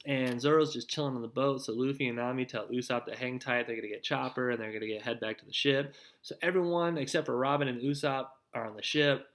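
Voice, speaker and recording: On his own show, a young host gives a casual, wandering rundown of anime episodes, leaning hard on "like" and "dude." His mid-range voice stays steady and fairly bright, and he talks briskly.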